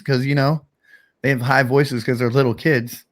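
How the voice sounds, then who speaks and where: A man's voice: medium pitch, brisk. A man hosting a casual livestream chat, telling a story in a rambling, laid-back way with lots of fillers. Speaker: streamer host.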